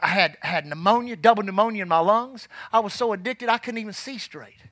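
A man preaching a sermon in church, fervent and rising to shouts, dropping low and quiet when telling his past. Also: fairly quick, dry recording.

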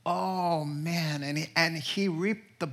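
A man's voice: fairly high pitch, fairly even intonation, slow pace, a bit bright. A middle-aged man preaching a humorous sermon, telling stories and joking directly with his listeners. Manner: joking, storytelling, addresses the audience directly. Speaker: pastor.

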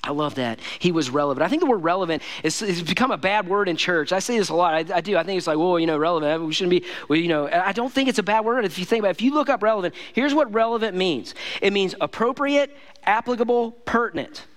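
Fast-talking, high-voiced male pastor preaching. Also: animated. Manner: casual, emphatic preaching with many fillers. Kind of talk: sermon.

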